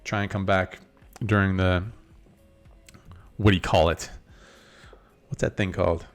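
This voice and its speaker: A deep, fairly flat male voice moves unhurriedly over faint background music. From Las Vegas, he hosts an easygoing poker live stream, multitasking between his hands and viewer chat.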